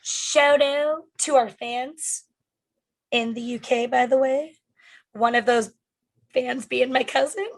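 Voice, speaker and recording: Podcast co-host, woman, high and slow, loose casual chat with swearing. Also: steady tone. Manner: chatty, trailing off with fillers and swearing.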